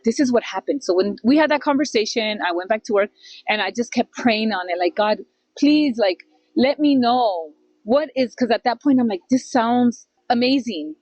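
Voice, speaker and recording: Animated woman telling a personal story. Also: on the high side, normal speed, dry recording, dull audio. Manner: animated storyteller, acts out quoted voices, mixes in Spanish phrases. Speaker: podcast co-host. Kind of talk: casual storytelling chat.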